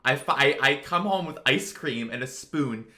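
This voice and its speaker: Young man, storytime vlogger, bright voice, casual and rambling. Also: mid-range voice, expressive, normal speed. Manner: rambling, filler-heavy, lots of "like". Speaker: storytelling video creator.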